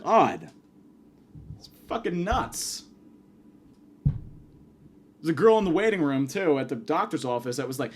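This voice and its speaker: A man's voice: mid-range voice, animated, normal speed, long pauses. A man hosting a comedy podcast, telling stories in a profane, exasperated rant. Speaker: podcast host.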